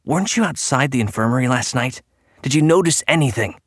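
A man voicing a worried young man in an audiobook reading, speaking softly and anxiously. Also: medium pitch, animated, a little fast, dry recording, clean studio sound, voice pushed up, lightly acted. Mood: earnest. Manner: soft, anxious. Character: worried young man searching for his sister.

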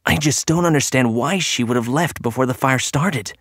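A man voicing a worried young man in an audiobook reading, speaking softly and anxiously. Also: mid-range voice, moderate pace, no room sound, studio quality, pitched above the performer's own voice. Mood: earnest. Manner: soft, anxious. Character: worried young man searching for his sister.

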